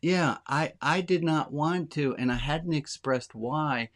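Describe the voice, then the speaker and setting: A man's voice: a little high, slow, a bit bright. A man speaking as a rabbi, giving a frank, plainspoken, conversational sermon to his congregation. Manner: talks directly to a small congregation.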